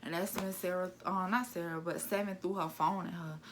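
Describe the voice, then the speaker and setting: A woman in her twenties, a vlogger, casually retelling drama in a blunt, gossipy, animated way. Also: fairly low pitch, fairly quick, slight background noise. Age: 20s. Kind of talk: casual storytelling vlog.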